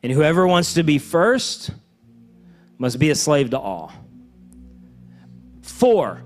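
A pastor preaches in a casual, animated way, his fairly high voice rising into emphatic runs and dropping to a hush. Faint music plays underneath him. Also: slow pace, long pauses. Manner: animated, conversational preaching with swings from loud to hushed. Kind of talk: sermon.

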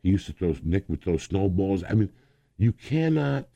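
A man in his sixties telling rambling, animated stories as a guest, laughing often. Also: deep voice, moderate pace, gravelly, no room sound. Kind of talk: casual storytelling.

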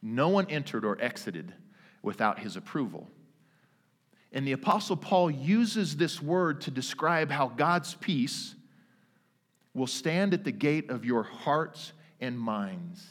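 A man's voice: mid-range voice, lively intonation, fairly bright tone. Man, thirties, pastor, sermon, emphatic earnest delivery, reverberant sanctuary. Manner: earnest, emphatic preaching with dramatic pauses. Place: church sanctuary. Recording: long reverb of a church hall.

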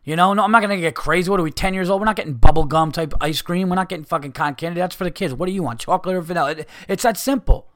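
Fired-up guy ranting and swearing, kinda high voice, dry sound. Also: very fast, hardly any pauses, a bit bright, no echo. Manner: heated, profane, exasperated ranting. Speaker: podcast host. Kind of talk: ranting casual monologue.

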